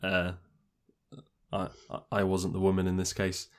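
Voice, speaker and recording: A man hosting a podcast, chatting in a relaxed, wry way. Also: low-pitched, unhurried. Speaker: podcast host. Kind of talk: casual chat.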